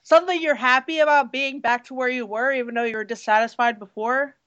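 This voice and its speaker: A woman co-hosting a casual movie review chat, hoarse from losing her voice, blunt and hesitant with many fillers. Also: high-pitched, fairly even intonation, a little fast, a bit bright, lo-fi sound. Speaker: podcast co-host reviewing a movie.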